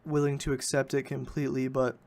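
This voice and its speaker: A man's voice: mid-range voice, level tone, a little fast, gravelly, darkish tone. A man hosting a podcast, recapping a film in a rambling, casual way and often correcting himself. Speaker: podcast host.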